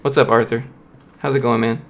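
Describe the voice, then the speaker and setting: Young man, casual livestream chat, blunt, motivational, mid-pitched voice, answers viewers. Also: steady tone, a little fast, fairly bright tone, a little hiss or hum. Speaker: streamer, software developer.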